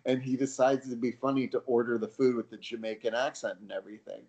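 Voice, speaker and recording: Animated, laughing podcast co-host man. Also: medium pitch, fast, gravelly, dull audio. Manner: animated storyteller, profane, laughing. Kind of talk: casual chat.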